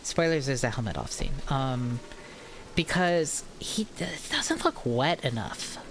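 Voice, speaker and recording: A woman's voice: a bass voice, sing-song, measured pace, background noise. A woman with a Maryland accent, chatting casually on a gaming stream and rambling from one tangent to the next. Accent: Maryland American. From Maryland, USA.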